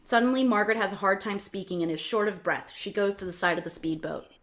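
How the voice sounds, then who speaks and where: A woman reads stage directions in a plain, even manner. Her voice sits at a middle pitch. This is an online script reading. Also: quick pace.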